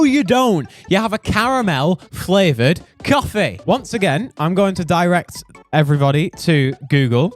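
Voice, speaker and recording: A young British man rants with mock outrage, his voice swinging widely in pitch and sitting a bit high. He exaggerates and swears for comic effect in a streamer's commentary. Faint music plays underneath. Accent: British English. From United Kingdom. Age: young adult. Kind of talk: comedic ranting commentary.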